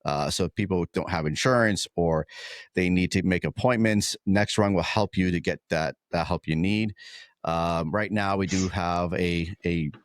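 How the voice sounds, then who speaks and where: A man hosting a podcast, chatting casually and earnestly with a guest and giving shout-outs. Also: deep voice, normal speed, no room sound, studio quality. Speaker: podcast host. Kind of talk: casual interview chat.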